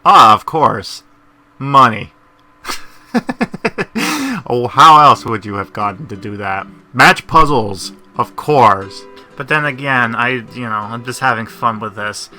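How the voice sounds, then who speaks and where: A man's voice: medium pitch, slow, bright, forceful tone. A man hosting a casual let's-play, rambling and making sarcastic asides at the game's story. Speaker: gaming channel host.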